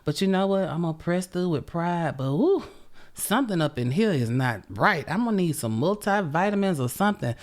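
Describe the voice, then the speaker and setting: A woman's voice: lowish voice, expressive, a little fast. A middle-aged woman hosting her podcast in casual, sassy chat, tired and run down, swearing freely and calling listeners honey. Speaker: podcast host.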